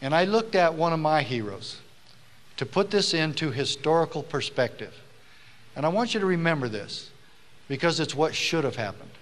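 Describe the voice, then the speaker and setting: Male rally speaker with a bright, forceful voice, punching key words loudly and lingering in a big echoing hall. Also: fairly high pitch, expressive, normal speed. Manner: emphatic, swells to loud rallying stresses; storytelling, acts out the people he quotes. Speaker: former sheriff giving a speech. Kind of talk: public speech to a live audience. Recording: long hall reverb.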